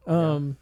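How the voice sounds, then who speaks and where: A man's voice: high-pitched, dark tone. A man co-hosting a podcast in casual comedic chat, laid-back and swearing freely. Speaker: podcast co-host.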